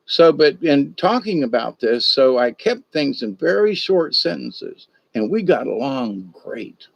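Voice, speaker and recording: During a rambling livestream chat, an older male host spins a folksy story full of digressions in a creaky, mid-pitched voice with big pitch swings. He keeps a measured pace, and the lo-fi audio is dull and dry with no room sound.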